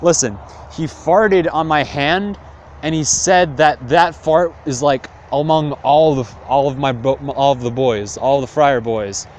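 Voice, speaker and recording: A man's voice: a little high, a little slow, a little hiss or hum, close to an everyday voice. Man doing a brash slangy friar. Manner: brash slangy swagger, profane. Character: smug hypocritical male friar, street-slang talker.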